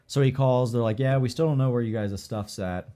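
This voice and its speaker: A man co-hosting a podcast, telling a story casually and acting out other people's lines in quick quoted voices. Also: mid-range voice, warm tone. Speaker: podcast co-host.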